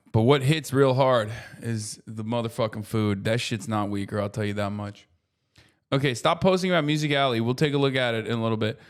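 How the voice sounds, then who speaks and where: A man's voice: medium pitch, fairly quick. A man in his thirties streaming casual political commentary, ranting with heavy profanity.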